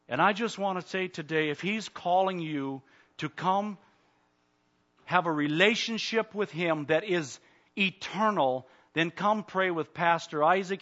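A man preaching a sermon as pastor, fervent, swinging between loud urging and quiet pleading. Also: fairly high pitch, highs cut off. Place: church.

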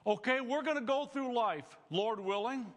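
A man's voice: very high-pitched, normal speed, a bit bright, in a large hall. A male pastor preaching a sermon to students, earnest and emphatic, building phrases up as he speaks.

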